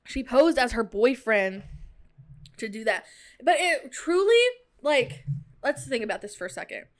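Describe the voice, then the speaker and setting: A young woman with a lilt tells a story from her own life in loose, chatty podcast talk, full of "like" and "dude." Her voice sits a bit higher than most women's. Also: a little slow. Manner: chatty, animated retelling with fillers like "like" and "dude". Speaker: podcast host. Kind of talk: casual storytelling.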